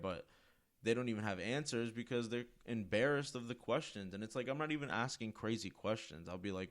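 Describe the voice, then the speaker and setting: Very deep-voiced man, cursing freely. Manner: profane, rambling, emphatic. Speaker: podcast host. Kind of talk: casual monologue.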